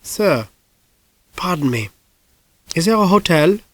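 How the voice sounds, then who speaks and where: A man's voice: high voice, sing-song, slow pace, dry recording, voice pushed up, full character voice. A man reading an audiobook, voicing a courteous older man in his sixties with a foreign accent. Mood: polite. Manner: courteous, formal.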